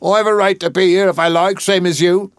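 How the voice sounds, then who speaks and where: A man's voice: brisk, dry recording, studio quality, lightly acted. A man reading an audiobook, voicing a poor young flower girl, wailing and protesting in a raised voice. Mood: aggrieved. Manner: wailing, high-pitched protests.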